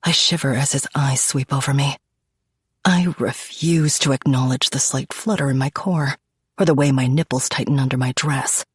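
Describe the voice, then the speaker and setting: Low, husky woman narrating an audiobook. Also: steady tone, moderate pace, no echo, studio quality. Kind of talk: first-person dark romance narration.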